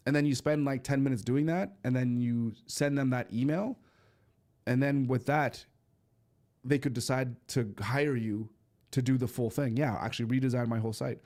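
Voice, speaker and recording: A man hosting a casual live stream and chatting with viewers, hoarse and coughing as his voice gives out, rambling with restarts and fillers. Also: mid-range voice, dark tone. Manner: addresses viewers directly.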